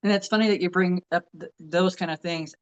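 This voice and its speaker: A woman's voice: lowish voice, steady tone, a little fast, dull audio. A middle-aged woman with grandchildren, co-hosting a casual chat in an earnest, heartfelt way, often restarting her sentences. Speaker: co-host.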